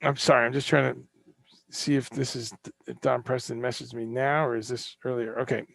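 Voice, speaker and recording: Impassioned man with a gravelly voice. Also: mid-range voice, flat delivery, brisk, no echo. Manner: impassioned, ranting, swears, rhetorical questions. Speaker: host. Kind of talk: live-streamed solo talk.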